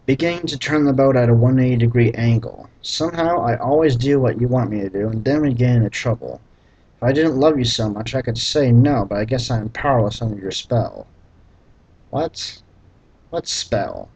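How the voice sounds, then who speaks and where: Man, husky voice, sarcastic reading, deadpan swearing asides. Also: mid-range voice, rough recording. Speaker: reader mocking a book. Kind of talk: sarcastic dramatic reading with commentary.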